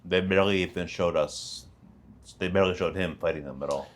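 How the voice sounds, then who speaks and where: A man's voice: sits low, fairly quick. A man co-hosting an anime reaction video in casual chat, making short, dry remarks. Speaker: reaction channel co-host.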